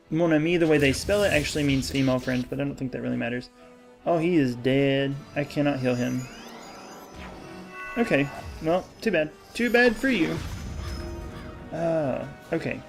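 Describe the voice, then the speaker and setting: A man's voice: on the high side, vocal fry. A young man hosting a gaming channel, rambling in casual commentary over gameplay and often losing his train of thought.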